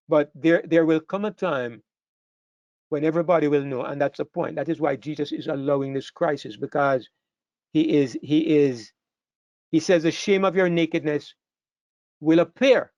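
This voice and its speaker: A man's voice: a little high, normal speed, pauses often, a little mellow, dry recording, dull audio. A man preaching a sermon to a congregation, earnest and emphatic, repeating phrases as he builds to stressed points. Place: church hall with a live congregation.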